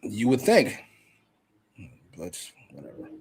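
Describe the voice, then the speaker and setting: A man's voice: fairly low pitch, huge pitch swings, slow pace, a little mellow, a little hiss or hum. A man co-hosting a wrestling review, giving sarcastic, opinionated commentary in casual chat and swearing freely.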